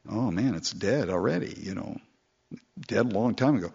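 A man preaching a sermon in a conversational, animated way, often chatting with listeners as he goes. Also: moderate pace, slightly rough, lo-fi sound. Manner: conversational, animated, mimics people in falsetto quotes.

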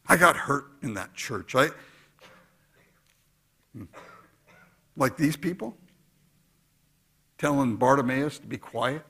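A man preaching a sermon, dropping to quiet asides and rising to loud exhortation. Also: mid-range voice, breathy edge. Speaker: pastor.

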